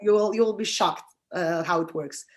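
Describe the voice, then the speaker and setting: Russian-accented woman giving candid advice. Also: on the low side. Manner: halting, restarts often, animated advice. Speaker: director and actress, guest. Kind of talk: casual interview talk.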